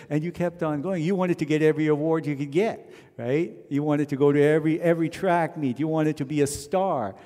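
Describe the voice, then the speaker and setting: A man from Canada leading a wedding ceremony, telling stories in a gently reflective way and now and then chanting verses. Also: a little high, fairly even intonation, fairly quick. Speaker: wedding officiant. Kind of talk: wedding sermon with sung verses. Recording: long hall reverb.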